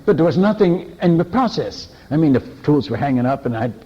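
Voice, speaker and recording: A man preaching as a missionary, telling stories in an animated way, chuckling and restarting often. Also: fairly high pitch, a little fast, muffled recording. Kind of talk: anecdotal sermon storytelling.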